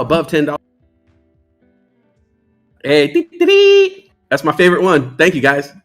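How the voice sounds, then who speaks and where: With a slightly high, sharp-toned voice, this New York livestream host keeps his trading stream casual. He jokes playfully and reads the chat out loud.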